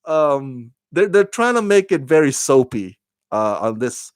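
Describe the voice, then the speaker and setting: A man's voice: medium pitch, big pitch swings, a little slow, smooth, dry recording, clean studio sound. A man giving a casual, rambling review of a TV show, with lots of fillers and restarts.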